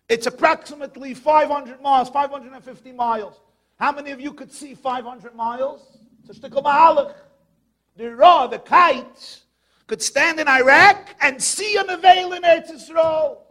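A male rabbi delivers a Torah lecture with a strikingly high voice for a man. He tells stories and fires rhetorical questions at his listeners. He raises his voice to a shout to drive his points home. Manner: animated, shouts for emphasis, asks rhetorical questions.

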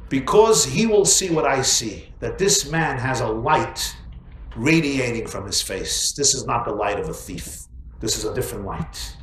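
A man quoting a calm, saintly old rabbi. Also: mid-range voice, a little slow, echoey room, a little hiss or hum, pitched below the performer's own voice, low-quality recording. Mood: assured. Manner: calm, certain.

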